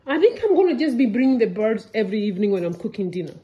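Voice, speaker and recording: A woman's voice: big pitch swings, very fast, dark tone, dull audio. A woman filming her pets at home and chatting casually with her family and the cockatiel. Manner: chatty, talks to the bird in a high sing-song. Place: home kitchen.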